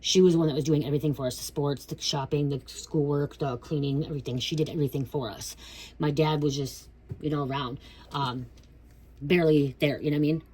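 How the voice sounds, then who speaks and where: A woman's voice: low-pitched, steady tone, fairly quick, dark tone, breathy edge. A woman in her thirties giving a casual spiritual reading, blunt and profane, who keeps checking in with "okay?". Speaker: tarot reader.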